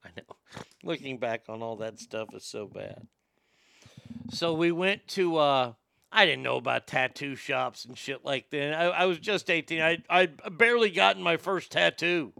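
A man's voice: fairly high pitch, moderate pace, gravelly, sharp tone, smooth, dry recording, clean studio sound. A man from Texas, a talk show host, telling a story in a blunt, profane, laid-back way. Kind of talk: casual storytelling chat.

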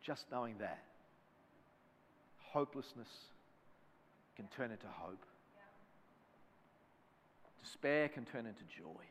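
A man's voice: medium pitch, lively intonation, takes it slowly, long pauses, a bit bright, big-room sound, a little hiss or hum. A man preaching a sermon as a pastor, fervent and driving, built around repeated refrains.

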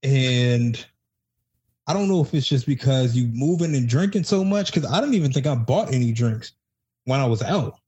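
A man's voice: mid-range voice, lively intonation, moderate pace, mellow, breathy edge, dull audio. A man co-hosting a podcast in casual chat, playfully teasing and acting out what he said. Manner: playful teasing, acts out quotes. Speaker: podcast co-host.

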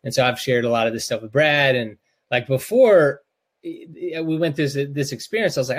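A man's voice: mid-range voice, moderate pace. A middle-aged man from North Carolina chats on a podcast in a mid-range voice. He is openly emotional and rambles, stumbling over restarts and fillers as he tells his story. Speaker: podcast co-host, parent. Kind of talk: casual podcast chat.

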